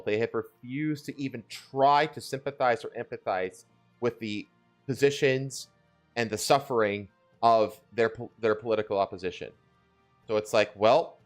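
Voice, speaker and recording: A man co-hosting a casual political news stream, building slow, emphatic rants with fillers. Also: mid-range voice, soft background music. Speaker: co-host of a news talk stream.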